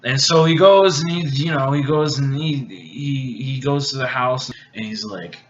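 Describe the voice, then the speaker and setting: A man's voice: medium pitch, dull audio, a little hiss or hum. Drunk man rambling through a plot. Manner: halting, rambling, many restarts and fillers. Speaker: video host. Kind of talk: rambling movie plot retelling.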